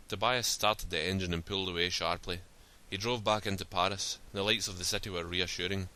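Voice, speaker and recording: A man reads a story aloud in a steady, plain style. His voice sits fairly low but comes across forceful and sharp-edged. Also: brisk, hardly any pauses. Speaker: narrator. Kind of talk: storybook reading.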